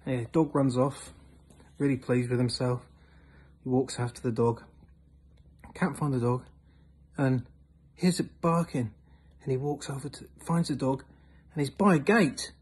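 A man with a husky voice tells a long joke. His pitch sits in the middle range. His delivery is animated, swinging between loud and hushed. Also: a little slow, long pauses. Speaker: joke teller.

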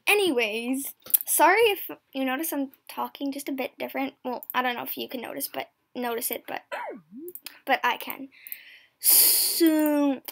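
A woman's voice: sits high, normal speed, a bit bright. A girl with new braces chatting casually while she plays an online game, giggling and often dropping to a whisper. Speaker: gameplay commentator.

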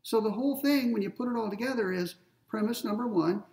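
A man's voice: high voice, quick pace, few pauses, a little mellow, recorded from a distance. A man giving a philosophy lecture, explaining step by step with everyday examples and checking in with his listeners. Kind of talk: recorded ethics lecture.

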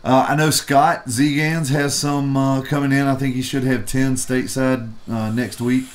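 A man's voice: medium pitch, level tone, moderate pace. A man co-hosting a vape review show, chatting casually and telling a rambling story with profanity. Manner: rambling and profane, acts out quoted people.

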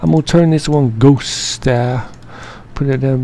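Gravelly man joking through an edit. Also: mid-range voice, steady tone, moderate pace, mellow. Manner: slangy, profane, joking and rambling. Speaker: editing tutorial narrator. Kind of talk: casual profane screen-recording commentary.

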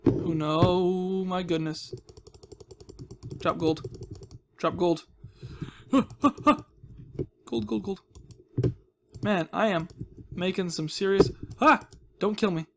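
A man's voice: high-pitched, steady tone, takes it slowly, creaky, long pauses. Playful man narrating his gameplay. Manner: playful, talks baby-talk to villagers, jokey asides. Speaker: gaming video host. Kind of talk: casual Minecraft let's-play commentary. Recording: faint background noise.

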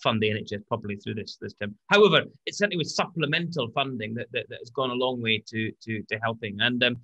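A man co-hosts a relaxed podcast conversation. His voice is bright and forward, sitting at an ordinary pitch for a man. He talks in a halting way, doubling back over words and leaning on fillers. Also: dull audio. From British. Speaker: co-host. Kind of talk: casual podcast chat.

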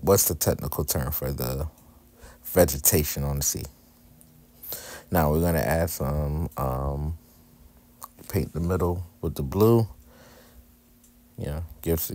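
A man's voice: extremely low pitch, a little mellow, dry recording. A man narrating his wife's journaling craft video in a candid, joking, self-deprecating way. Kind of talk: casual voice-over narration.

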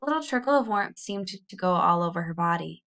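A woman reading a children's novel aloud in a measured, expressive storybook narration. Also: fairly low pitch. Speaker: audiobook reader.

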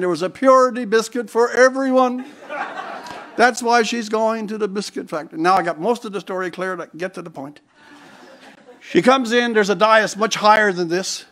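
A man from Newfoundland, with the accent to match, holds forth at a conference lectern in a strikingly high voice. He spins comic anecdotes with theatrical relish and pounces on sudden emphatic asides. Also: fairly quick, fairly bright tone, a little hiss or hum. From Newfoundland, Canada. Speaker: conference speaker. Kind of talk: humorous storytelling speech. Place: conference hall before a live audience.

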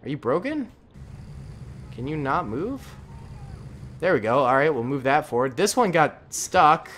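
A man's voice: fairly high pitch, a little slow, a little hiss or hum. Chatty young man commenting gameplay. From Boston area, US. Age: young adult. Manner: relaxed, chatty, self-mocking, laughs often. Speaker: gaming channel host.

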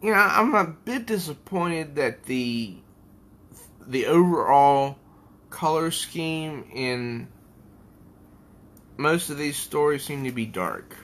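A man's voice: a little high, expressive, takes it slowly, pauses often, a bit bright. A man giving a casual comic book review at home, rambling and thinking aloud as he pages through an issue.

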